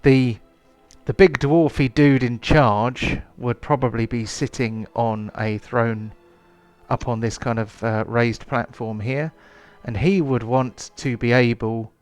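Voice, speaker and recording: A man's voice: medium pitch, steady tone, slow, soft background music. A man running a tabletop game as game master, hesitant, with many ums and restarts.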